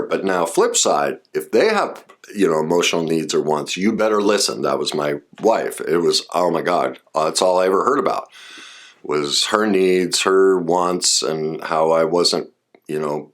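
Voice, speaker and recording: A man explaining relationship warning signs in a casual, personal way, full of asides and restarts. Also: low voice. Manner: conversational, personal asides, frequent fillers and restarts. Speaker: relationship and trauma speaker. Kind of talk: casual explanatory talk to camera.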